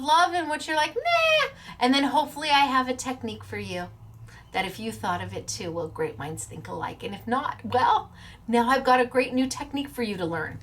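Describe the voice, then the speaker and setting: A woman's voice: a little high, a bit bright. A woman hosting a craft show in casual chat, bubbly and playful as she announces giveaway winners. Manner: bubbly, playful, stumbles over names with laughs.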